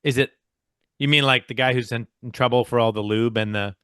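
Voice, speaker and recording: A man's voice: medium pitch, fairly even intonation, a little fast, bright, forceful tone, clear, resonant tone, no echo, studio quality. A man co-hosting a podcast in casual chat, with a playful, bantering manner. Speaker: podcast co-host.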